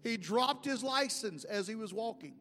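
A man's voice: sits high, animated, moderate pace, a bit bright. A man preaching a sermon as pastor, telling folksy stories with emphasis. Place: church sanctuary. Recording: long hall reverb, faint music.

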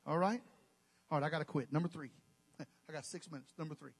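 Male pastor, high voice, emphatic sermon, folksy humor, long hall echo. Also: a little fast, long pauses, slightly rough. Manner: emphatic preaching, folksy and joking asides.

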